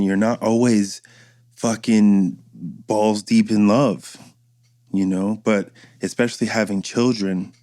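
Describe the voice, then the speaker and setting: A man's voice: lowish voice, darkish tone, dry recording, clean studio sound. A man in his thirties hosting a podcast, telling loose, profane stories and acting out quotes in a casual monologue. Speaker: podcast host.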